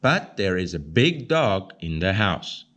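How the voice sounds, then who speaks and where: Slow, expressive man reading a storybook. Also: low-pitched. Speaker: storybook reader. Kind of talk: reading a children's picture book aloud.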